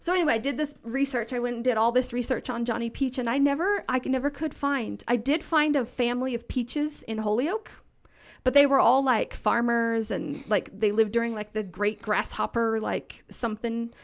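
A woman in her thirties telling stories as a podcast guest, animated and often laughing, acting out the voices of the people in them. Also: a little high, moderate pace. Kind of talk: casual storytelling. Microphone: podcast studio mic.

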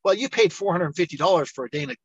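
A middle-aged man spins a long story as an interview guest, jumping into the voices of the people he quotes. His voice sits a bit high for a man, and the sound is dry and close, with no room around it. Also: quick pace, breathy edge, no room sound, dull audio. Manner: animated storyteller, acts out quoted dialogue. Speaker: entrepreneur guest.

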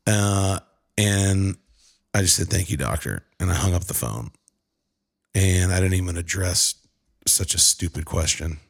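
Casual man with a low voice, saying "dude" a lot. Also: fairly even intonation, a little slow, pauses often. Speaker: husband telling a family story. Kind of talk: emotional personal storytelling.

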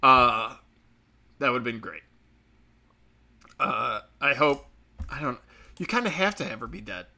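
A man giving a casual, profane and sarcastic movie review, mocking the characters with quick impressions. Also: mid-range voice, big pitch swings, creaky, pushed and bright. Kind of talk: casual rant.

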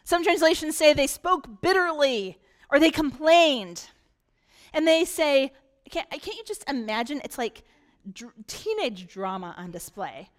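Woman pastor, high voice, animated, repetitive sermon delivery in church. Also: unhurried. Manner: animated preaching with emphatic repetition.

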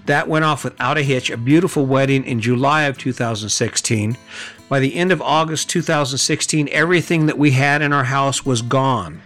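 A middle-aged man hosts a podcast, delivering a blunt motivational monologue packed with rhetorical questions and swearing. His voice is medium-pitched and a bit bright at a normal speed, with soft music in the background.

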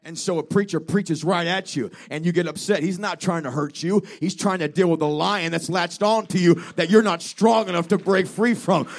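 Male evangelist, revival sermon, fervent declamatory delivery, high gravelly voice. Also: fairly even intonation, moderate pace, few pauses. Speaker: traveling evangelist. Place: church during a revival service.

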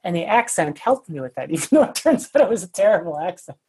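A woman's voice: lowish voice, very animated, fast talker, dark tone, a little hiss or hum. A woman guest on a podcast, telling a story in a candid, self-deprecating way with plenty of fillers. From United States. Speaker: guest, sales consultant.

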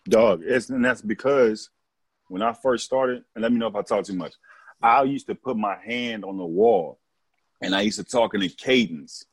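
A male comedian in casual chat, a rapid storyteller who acts out quoted lines. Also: mid-range voice, expressive, vocal fry, slightly rough, dry recording. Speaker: comedian guest.

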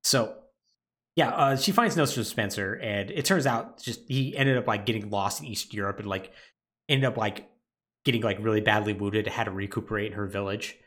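A man's voice: on the low side, normal speed. A man co-hosting a podcast, recapping a plot in a casual chat and laughing often. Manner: animated storytelling recap with laughter. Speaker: podcast co-host.

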